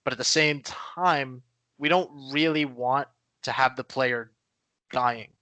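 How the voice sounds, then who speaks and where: A man's voice: mid-range voice, slow pace, sharp tone, dry recording. A man co-hosting a podcast in casual chat, rambling with many fillers and restarts. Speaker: podcast co-host.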